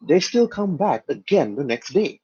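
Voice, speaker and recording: A man's voice: a little high, big pitch swings, moderate pace, warm tone, husky, lo-fi sound, pitched above the performer's own voice. A man playing a fussy, worried woman. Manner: fussy, repeats "actually". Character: polite, worried woman running a generator.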